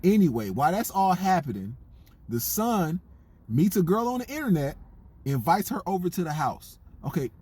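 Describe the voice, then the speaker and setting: A man giving a comedic, incredulous movie review in a joking, animated way. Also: high-pitched, moderate pace, breathy edge.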